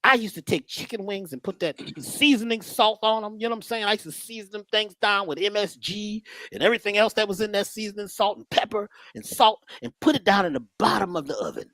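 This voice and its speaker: A woman giving a casual, storytelling lecture, with a lively voice that rises and falls widely. She talks to the listener directly and slips into funny character voices. The sound is dry and close. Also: medium pitch, fast talker, few pauses, dry recording. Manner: conversational, animated, acts out voices.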